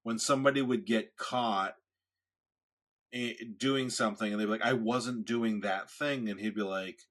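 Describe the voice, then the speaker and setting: A man's voice: fairly low pitch, steady tone, moderate pace, a bit bright. A man co-hosting a podcast in casual chat, telling rambling stories and jokes with many restarts. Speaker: podcast co-host.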